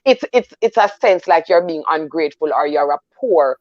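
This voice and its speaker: Animated Jamaican woman, dull dry sound. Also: low voice, moderate pace, no room sound. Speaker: panelist on a discussion show. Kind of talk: casual panel discussion.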